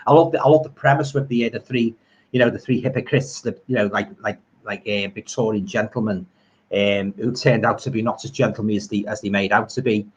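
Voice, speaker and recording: A man's voice: lowish voice, fairly even intonation, brisk, breathy edge. A middle-aged man with a Liverpool accent rambling enthusiastically about old films while reading viewer comments on a live stream from home. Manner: enthusiastic, rambling, homely turns of phrase. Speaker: horror film streamer.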